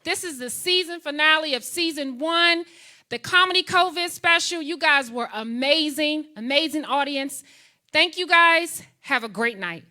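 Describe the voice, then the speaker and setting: A woman's voice: high voice, animated, moderate pace, sharp tone. A woman hosting a live comedy show, upbeat as she introduces and thanks the guests. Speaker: show host.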